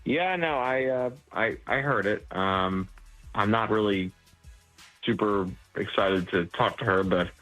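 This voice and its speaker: A man's voice: lowish voice, unhurried, fairly bright tone, soft background music, poor audio. A man calling in to a radio show, embarrassed and stammering. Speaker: caller. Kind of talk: radio call-in chat.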